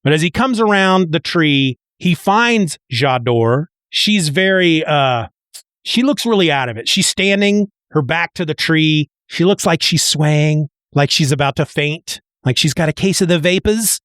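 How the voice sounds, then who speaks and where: A man casually recapping a comic book issue page by page, chatty and excitable, often restarting his sentences. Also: a little high, a little slow, dry recording. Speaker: comic book podcast host.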